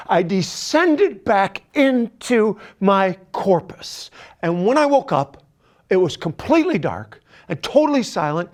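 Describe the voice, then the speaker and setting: Middle aged guy doing standup storytelling, deadpan, slow, voice goes up and down a lot. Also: high-pitched, gravelly. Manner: deadpan, animated, drops to whispers. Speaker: stand-up comedian.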